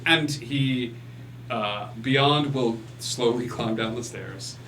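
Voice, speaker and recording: A man's voice: medium pitch, a bit bright, roomy sound, recorded from a distance, slight background noise. A man acting as game master, narrating a tabletop game with lots of fillers and restarts. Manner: halting, full of fillers.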